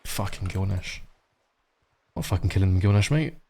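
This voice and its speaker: A man with a somewhat low voice talking through a live game stream. He rambles casually, swears often and chats to viewers as he plays. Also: moderate pace, gravelly, dark tone, slightly rough.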